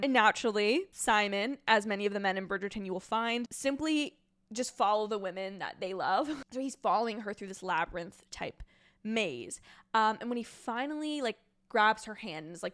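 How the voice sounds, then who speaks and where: Chatty woman giving a lively recap. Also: medium pitch, brisk. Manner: chatty and animated, heavy use of 'like' and pet names. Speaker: recap vlogger. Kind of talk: casual TV episode recap.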